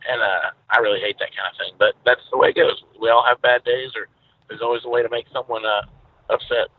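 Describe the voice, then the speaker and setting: A man from Texas with a Southern drawl, chatting as an interview guest. He tells stories in a relaxed way with plenty of uhs. His voice comes through a thin, tinny phone line with a dry, close sound. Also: mid-range voice, fast talker, husky, no echo. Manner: easygoing storyteller, many filler uhs. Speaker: guest musician. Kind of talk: casual interview over the phone.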